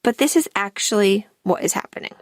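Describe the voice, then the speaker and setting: A woman life coach hosting her podcast, speaking in a calm, deliberate scripted monologue, and her line ends often trail off into breath. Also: medium pitch, dry recording, clean studio sound.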